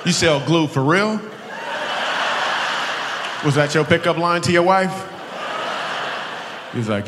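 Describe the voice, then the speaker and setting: A man's voice: on the high side, lively intonation, takes it slowly, pauses often, background noise. A man doing stand-up comedy, teasing audience members in playful crowd work on stage with a handheld mic. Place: live show in a large venue with an audience. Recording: echoey hall with audience ambience.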